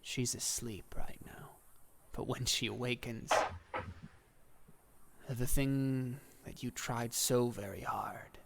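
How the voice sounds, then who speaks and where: A man's voice: mid-range voice, vocal fry. A man voicing Death, a patient, sorrowful male reaper, in whispered role-play during a tabletop game. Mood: grave.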